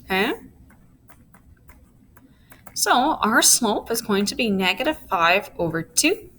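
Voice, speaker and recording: A woman with a mid-range voice and big pitch swings takes it slowly, sounding a bit bright over slight background noise. She walks her students through a recorded physics lesson step by step, asking "okay?" to check in, with playful asides.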